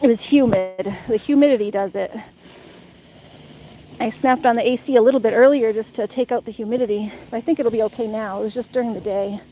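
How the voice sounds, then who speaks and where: High-pitched woman on a beach, out of breath, playful baby talk to her dog, little bit of background hum. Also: fairly quick, mellow, rough recording. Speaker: vlogger live-streaming a dog walk. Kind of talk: casual live-stream chat. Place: outdoors on a beach.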